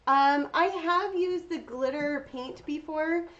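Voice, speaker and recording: A woman's voice: high-pitched, slow, a bit bright. A woman hosting a casual painting tutorial, chatting to her viewers while she works. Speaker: craft tutorial host. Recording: dull lo-fi sound with faint noise.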